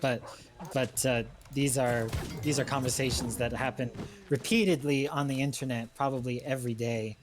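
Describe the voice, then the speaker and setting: A man speaking as a historian guest in a casual livestream chat, halting with many fillers and restarts. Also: mid-range voice, steady tone, over music.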